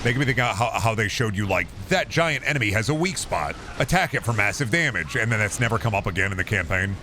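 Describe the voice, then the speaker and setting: A man's voice: fairly low pitch, lively intonation, quick pace, bright, forceful tone. A man streaming a video game, rambling in casual, profane, jokey commentary. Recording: game noise behind. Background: video game sound.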